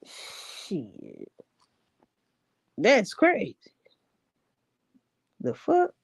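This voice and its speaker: A woman's voice: medium pitch, huge pitch swings, extremely slow, gravelly, husky, dry recording. A woman ranting in a casual commentary, blunt and heavy on profanity. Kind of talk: casual rant.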